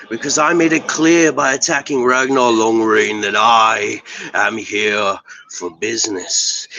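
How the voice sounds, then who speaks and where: A man giving an in-character wrestling promo on a video call. He talks in an intense, boastful way, swears, and builds to shouts. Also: medium pitch, rough recording. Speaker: pro wrestler guest.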